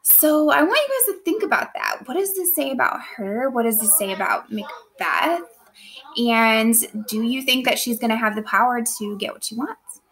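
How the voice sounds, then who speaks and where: A woman's voice: fairly high pitch, normal speed, fairly bright tone, poor audio. A woman teacher in a recorded lesson, speaking playfully to her students and asking them guiding questions.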